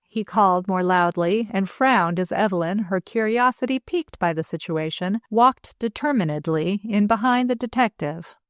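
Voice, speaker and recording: A woman reads a novel aloud at a mid pitch, telling the story evenly and clearly. Her voice sounds close and dry, with no room around it. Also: moderate pace, few pauses, dry recording. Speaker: audiobook narrator. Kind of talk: scripted narration.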